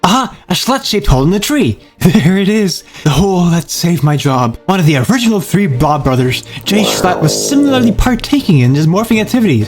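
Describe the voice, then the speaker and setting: A man doing a voice-over as a mock detective, with a dramatic, over-the-top noir delivery. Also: sits high. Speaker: narrator. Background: music.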